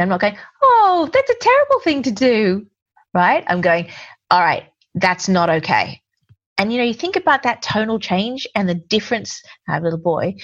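A woman's voice: on the low side, husky, dull audio. A woman co-hosting a casual chat, agreeing and adding her own examples.

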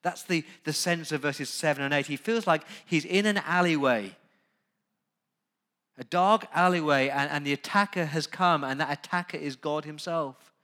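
Man preaching with a bright, forceful voice. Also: fairly high pitch, moderate pace. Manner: emphatic preaching, swinging from quiet asides to loud urgent peaks; conversational, asks the congregation direct questions. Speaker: pastor. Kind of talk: sermon.

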